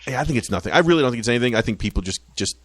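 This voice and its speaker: A man from the United States co-hosting a casual sports podcast, talking in an animated way with frequent restarts and some swearing. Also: mid-range voice, rapid-fire, no echo. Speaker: podcast co-host.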